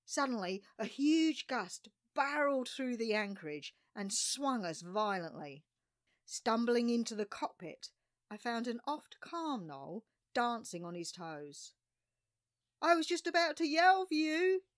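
A middle-aged woman narrates her own seafaring tale at an unhurried, deliberate pace. Her delivery is dramatic, broken up by dry, wry asides, and her voice sits close and dead with no room sound around it. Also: medium pitch, no echo. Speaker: sailor recounting a voyage. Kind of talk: scripted narration of a personal sailing story.

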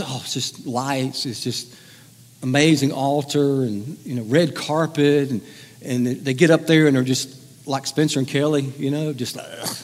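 Joking preacher in a big echoing hall. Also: male voice, mid-range voice, a little mellow. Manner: conversational and joking, teasing the congregation. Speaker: pastor. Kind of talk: sermon.

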